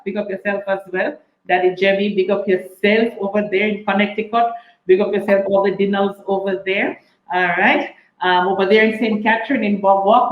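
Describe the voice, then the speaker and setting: A woman talks as the host chef on a cooking stream, upbeat and chatty, with "all right" between each shout-out. The sound rings in an echoey room and comes across a little dull. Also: medium pitch. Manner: cheerful, repeats "all right" and "big up yourself". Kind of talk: casual shout-outs on a live cooking stream.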